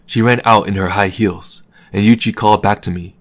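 A man reading a novel aloud as an audiobook in a calm, measured narration. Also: fairly low pitch. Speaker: audiobook reader.

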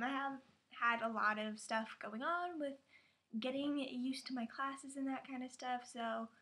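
A woman chatting casually in a reaction vlog, excitable and quick to laugh. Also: fairly high pitch. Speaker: vlogger.

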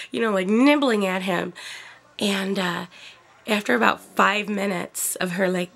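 Middle-aged lady rambling through a holiday story, gravelly and husky, kinda high. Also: unhurried, a bit bright. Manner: chatty, many "like" fillers, laughs often. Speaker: vlogger. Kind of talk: casual storytelling.

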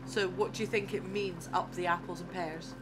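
A woman's voice: fairly low pitch, steady tone, moderate pace, noisy background. A woman joining a game stream, playful and teasing in casual banter.

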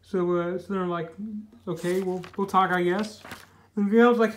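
A man's voice: high-pitched, fairly even intonation, moderate pace. A man casually reviewing a comic book, rambling loosely and filling his talk with "you know" and "like". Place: indoors. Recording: echoey room.

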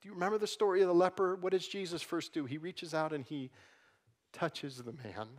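Pastor guy preaching in church, slightly high voice, goes quiet then gets loud and fired up. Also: steady tone. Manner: swings from soft, hushed lines to loud, fast, emphatic preaching. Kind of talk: sermon. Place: church sanctuary.

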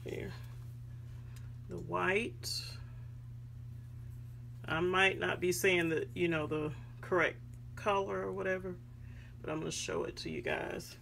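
A woman's voice: on the low side, animated, takes it slowly, gravelly, pauses often, a bit bright, slight background noise. A woman showing off craft supplies in a casual vlog from her home craft room, chatting to viewers with lots of ums. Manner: chatty, addresses viewers as guys, many ums. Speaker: craft haul vlogger. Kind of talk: casual show-and-tell chat.

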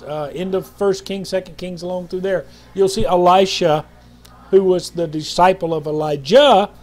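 High-pitched male preacher, fervent and exclamatory, recorded with background music. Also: a little mellow. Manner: fervent, interjects hallelujahs. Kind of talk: sermon.

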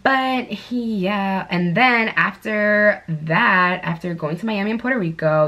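A woman's voice: lowish voice, fairly bright tone, slight background noise. A young woman chatting casually while she does her makeup, telling stories in a bubbly way with lots of fillers. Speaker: beauty vlogger.

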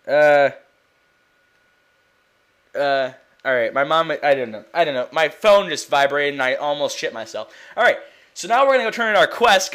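A young man giving casual, rambling commentary while playing a video game, excitable and quick to swear. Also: on the high side. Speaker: let's play gamer.

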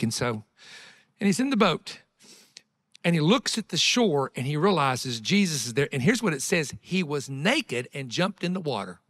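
A man preaching a revival sermon with fervent, emotional delivery, swinging between loud passages and hushed ones, with conversational asides. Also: fairly high pitch, big pitch swings, normal speed.

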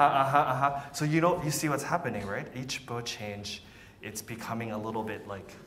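A man's voice: medium pitch, background noise. A man teaching a violin masterclass, encouraging and patient, often repeating words and counting beats aloud. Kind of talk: masterclass coaching.

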